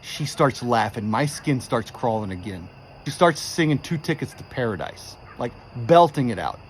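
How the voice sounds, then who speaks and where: A man telling a creepy true story in a casual, animated way, quoting the people in it with exasperation. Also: medium pitch, moderate pace, slight background noise. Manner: animated, exasperated retelling with quoted dialogue.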